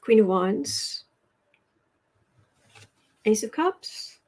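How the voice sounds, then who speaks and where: A woman's voice: fairly high pitch, expressive, very slow, warm tone. A woman from the United States hosting a casual tarot livestream, chatting and restarting her sentences as she reads cards and chat. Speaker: tarot reader livestream host.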